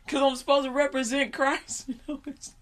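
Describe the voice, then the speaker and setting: A woman preaching in an informal storytelling style, animated, laughing often and repeating her phrases. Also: high-pitched, normal speed.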